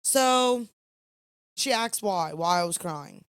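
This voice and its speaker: A woman's voice: medium pitch, animated, takes it slowly, clear, resonant tone, no echo, studio quality. A young woman, co-hosting a podcast, telling a rambling story late at night, tired and yawning. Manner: chatty, rambling storyteller with fillers. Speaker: podcast co-host.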